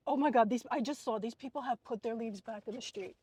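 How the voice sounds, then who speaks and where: A woman's voice: on the high side, fast talker, a little hiss or hum. A woman vlogger chatting casually in a car, telling a neighbor story and acting out the people in it. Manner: animated, acts out quoted people.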